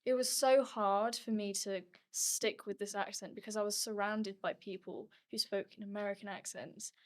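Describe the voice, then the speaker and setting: A young woman with a British accent, a podcast guest telling stories in a chatty, animated way with lots of "like". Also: mid-range voice, moderate pace. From Thailand. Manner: chatty and animated, storytelling, frequent "like". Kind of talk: casual conversational interview.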